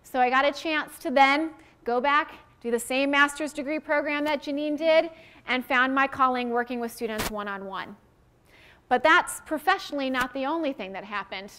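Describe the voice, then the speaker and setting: A woman in her thirties, a career coach telling a personal story to an audience in an animated way. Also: sits high, normal speed. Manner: animated, acting out quoted voices.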